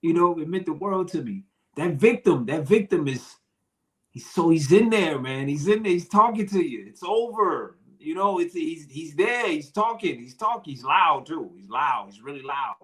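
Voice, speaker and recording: A man from Detroit, Michigan, appears as a podcast guest in an emotional interview, speaking earnestly and repeating his phrases. His voice sits on the high side, expressive and a bit bright, at a normal speed.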